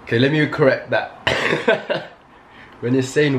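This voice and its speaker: A man's voice: mid-range voice, normal speed, a little hiss or hum. A young man with a British accent, co-hosting a casual vlog in a teasing, playful, slangy way. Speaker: vlogger co-host. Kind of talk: casual chat. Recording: echoey room.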